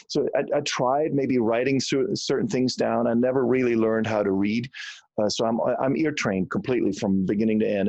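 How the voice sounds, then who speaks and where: A man's voice: mid-range voice, a little mellow, dry recording. A man in his sixties from Germany with a mild German accent, a guest musician telling stories in an earnest, reflective way in a conversational interview. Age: 60s.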